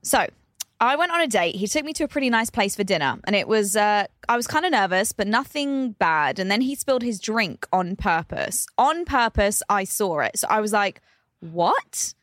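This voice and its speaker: A young woman co-hosting a podcast, telling dating stories in animated, casual chat and laughing and gasping often. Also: mid-range voice, dry recording, clean studio sound. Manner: animated storyteller, quick to laugh and gasp. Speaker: podcast co-host.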